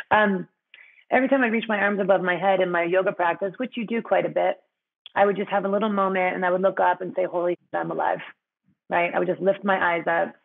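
A woman's voice: fairly low pitch, steady tone, fairly quick, vocal fry, narrow, tinny audio. A woman guest in a conversational interview, speaking frankly with many fillers and frequent laughter.

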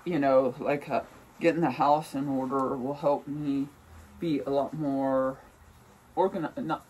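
A woman's voice: rumbling low, steady tone, a little slow, darkish tone, distant mic. A woman vlogging at home in a casual, rambling way, venting bluntly with lots of swearing. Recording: voice from away from the mic, faint room noise.

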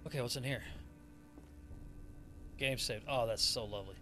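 A young adult man giving excitable, profane horror gameplay commentary and laughing often. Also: medium pitch, normal speed, music in the background. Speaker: gaming streamer.

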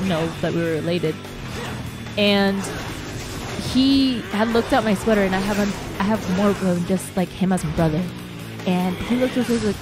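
A young adult woman co-hosting a casual chat, telling a story in an animated way and swearing casually. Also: medium pitch. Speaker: co-host. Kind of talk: casual chat while watching a show.

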